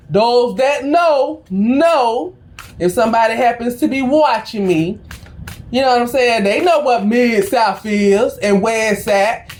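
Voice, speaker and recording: A middle-aged woman, a tarot reader, telling a story in a casual, slangy and profane way before her reading. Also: a little high.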